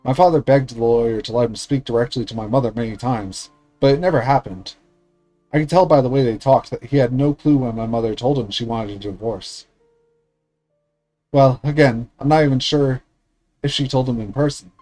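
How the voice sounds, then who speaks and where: A man streamer reading a visual novel aloud in a steady, earnest way with small slips. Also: mid-range voice, normal speed, soft background music, rough recording.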